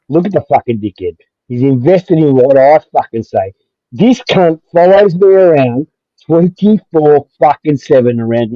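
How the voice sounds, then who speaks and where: A man's voice: mid-range voice, no echo. A man hosting a livestream, ranting aggressively and swearing again and again. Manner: aggressive, swearing, repetitive, heated. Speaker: livestream host. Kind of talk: profane livestream rant. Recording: dull lo-fi dry stream audio.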